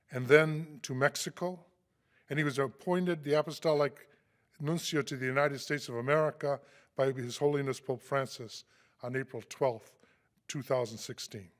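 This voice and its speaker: A man with a mid-range voice reads out a formal introduction of a guest speaker. His delivery is measured and steady, and it carries a dry humorous touch. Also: mid-range voice.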